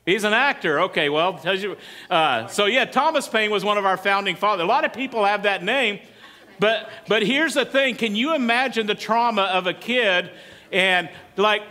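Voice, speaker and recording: A pastor preaching in an easy, chatty way, often turning to ask the congregation questions. His voice sits high for a man and has a bright, forceful edge. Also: moderate pace. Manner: conversational, asks the congregation questions. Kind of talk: sermon.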